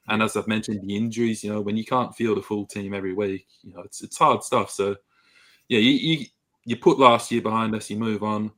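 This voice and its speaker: A man on a footy podcast panel, talking in a measured way with plenty of hedging fillers. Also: lowish voice, fairly bright tone. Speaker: guest fan panelist. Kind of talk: casual footy chat.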